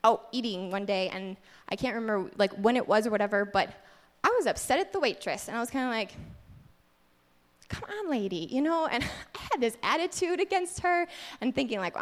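Candid woman teaching in a reverberant hall. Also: on the high side. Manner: candid and self-deprecating. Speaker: church teacher. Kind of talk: casual sermon teaching.

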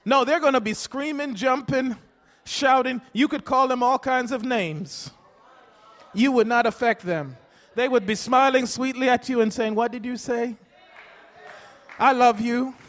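Man, preacher, very high voice, rousing repetitive delivery, long hall reverb. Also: unhurried, a bit bright. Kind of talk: sermon.

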